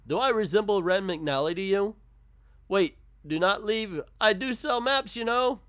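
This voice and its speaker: A man's voice: high-pitched, lively intonation, unhurried, a bit bright, no room sound, studio quality, voice pushed up. A man voicing a brusque male convenience-store clerk with an Indian accent, curt and formal.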